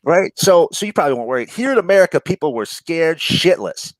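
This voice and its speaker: A man's voice: fairly high pitch, expressive, fairly quick, no room sound, rough recording. A man from New York with a New York accent, chatting casually about comics with lots of fillers, profanity and laughter. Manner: rambling, profane, laughs often, many fillers. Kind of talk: casual chat.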